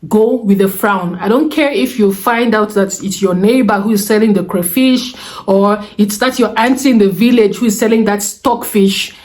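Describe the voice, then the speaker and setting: A young woman with a Nigerian accent giving advice in a casual vlog from a room at home, animated and chatty with Pidgin asides. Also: mid-range voice, normal speed. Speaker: vlogger. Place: room at home with the windows closed.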